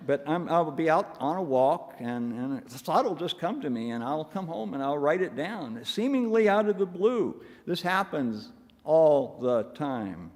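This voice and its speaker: A man's voice: on the high side, sing-song, measured pace, a little mellow. Wry, self-mocking male minister in a hall. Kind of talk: sermon. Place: church sanctuary. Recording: long hall reverb.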